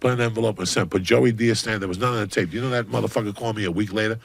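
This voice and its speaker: A man delivers a swearing comic rant with a gravelly, rough edge. His voice is husky rather than clean, and he hits his punchlines in loud, punchy bursts with sudden shouts. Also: on the low side, fairly even intonation, rapid-fire, no room sound. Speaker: comedian guest on a podcast. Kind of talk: profane comic rant and storytelling.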